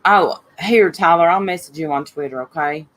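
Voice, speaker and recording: A woman's voice: fairly low pitch, normal speed, rough recording. A woman hosting a casual livestream, greeting viewers by name and talking bluntly and heatedly about online drama. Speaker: livestream host reading chat.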